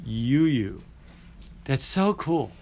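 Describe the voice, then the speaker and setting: Sounding like a relaxed first-day roll call, a man calls students' names and banters with them, playful and animated, his pitch bouncing around. He talks very slowly, and there's a little hiss or hum.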